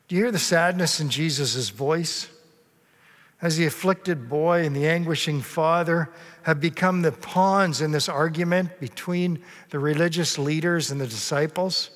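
A pastor preaches a sermon, earnestly telling a story and sometimes acting out its characters. He has a fairly high, slightly bright voice, and the recording carries long hall reverb.

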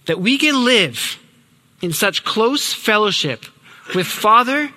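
A young man delivers a sermon with earnest emphasis, letting key words drop low and quiet. His voice sits fairly high and sounds very bright and forceful. It carries a long, reverberant hall tail. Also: big pitch swings, slow. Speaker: preacher.

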